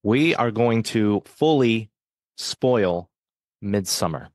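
A man's voice: fairly low pitch, expressive, slow pace, dry recording, clean studio sound. A man hosting a podcast in casual chat, friendly and joking with his co-host.

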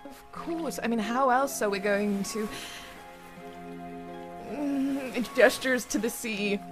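A woman's voice: a little high, slow, over music, voice pushed up. A woman voicing a theatrical female necromancer who plays the weeping damsel, melodramatic and flirtatious. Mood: scheming.

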